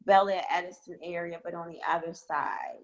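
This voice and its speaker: A woman's voice: on the low side, normal speed, low-quality recording. A woman with a morning voice asking for advice on a training call, hesitant and rambling with many fillers. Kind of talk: casual online training call. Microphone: video call.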